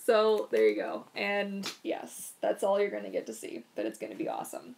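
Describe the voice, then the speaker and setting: A woman's voice: medium pitch, sing-song, normal speed, gravelly, darkish tone, a little hiss or hum. A woman casually answering viewer questions on a live stream, chatty and rambling, unwell with throat trouble. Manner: chatty, rambling, soothing her dog in whispers.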